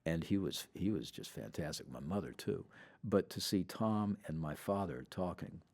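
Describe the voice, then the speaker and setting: A man's voice: low-pitched, moderate pace. A middle-aged man from the Southern US, a musician guest telling stories, acting out the quoted lines. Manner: animated, acts out quoted dialogue. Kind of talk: conversational storytelling.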